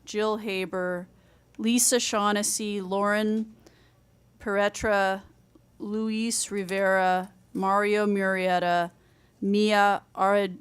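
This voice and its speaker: A woman chairs a public hearing and reads out a list of names very slowly. Her voice is smooth and clear, and she trips over a few unfamiliar names. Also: mid-range voice, little pitch movement. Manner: measured, stumbles over names. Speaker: meeting chair.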